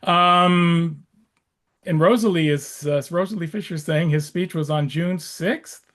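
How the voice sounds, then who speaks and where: A man's voice: on the high side, measured pace, a bit bright. A man in his sixties, a rabbi, teaching an adult class over a video call in a chatty way, with many fillers, restarts and wry asides.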